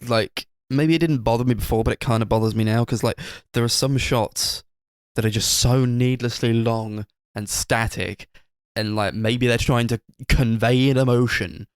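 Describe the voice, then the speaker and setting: A man's voice: medium pitch, fairly even intonation, normal speed, smooth, no echo, studio quality. A man co-hosting a casual film review podcast, rambling with lots of fillers and giggling as he retells scenes. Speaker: podcast co-host.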